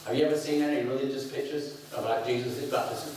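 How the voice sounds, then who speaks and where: A middle-aged man from the north of England with a Northern English accent, preaching an animated, playful sermon to a congregation. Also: medium pitch, quick pace, a little hiss or hum. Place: church hall. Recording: very echoey hall, picked up from a distance.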